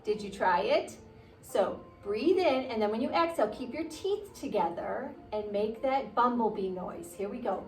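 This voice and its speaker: A woman guiding children through a yoga class, gently encouraging and playful, sometimes making animal noises. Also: fairly high pitch, animated, moderate pace, recorded from a distance. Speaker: kids' yoga teacher. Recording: roomy sound from away from the mic with soft music.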